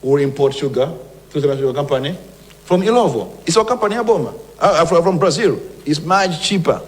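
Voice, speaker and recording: A man's voice: a little high, lively intonation, fairly quick, big-room sound. A man with a Malawian accent, a government minister giving an emphatic public speech with firm warnings. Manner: emphatic, forceful warnings, switching between English and Chichewa.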